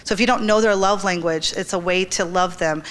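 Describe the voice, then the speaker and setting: A woman's voice: on the low side, a little fast. A middle-aged woman giving an earnest church talk to women, telling stories and acting out the quotes. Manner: earnest, storytelling, acts out quotes. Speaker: women's ministry speaker.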